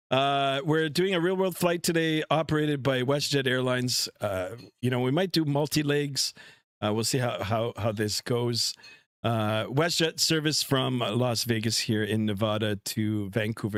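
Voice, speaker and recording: A man's voice: medium pitch, dry recording, clean studio sound. A middle-aged man hosting a flight simulator live stream from home, chatting loosely with many fillers and restarts. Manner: relaxed, rambling, many fillers. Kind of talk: casual live-stream chat. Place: home room. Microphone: headset mic.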